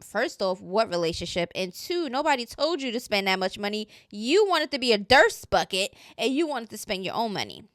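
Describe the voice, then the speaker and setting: A woman's voice: mid-range voice, big pitch swings, normal speed, few pauses, a bit bright, dry recording, studio quality. A woman hosting casual gossip commentary, blunt, sassy and mocking in tone.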